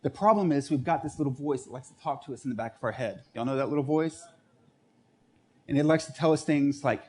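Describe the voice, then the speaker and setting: A male pastor preaching a sermon, telling stories and acting out quoted lines with lively shifts in pitch. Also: brisk, slightly rough.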